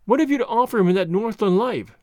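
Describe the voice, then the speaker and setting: A man reading a storybook puts on a higher voice for an earnest young wife who pleads passionately. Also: sing-song, brisk, no room sound, clean studio sound. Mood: pleading.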